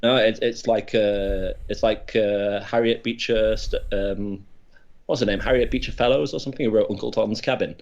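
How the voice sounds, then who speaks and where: Halting deadpan man, lo-fi. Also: lowish voice. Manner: rambling, halting deadpan with many restarts. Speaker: podcast co-host. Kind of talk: absurdist comedy chat. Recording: dull lo-fi podcast audio.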